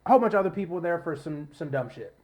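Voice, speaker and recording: A man's voice: fairly high pitch, animated, racing, a little mellow. A man chats on a podcast in a slightly raised voice. He retells stories loosely and profanely, dropping in little acted-out quotes. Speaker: podcast co-host. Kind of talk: casual chat, retelling a movie plot.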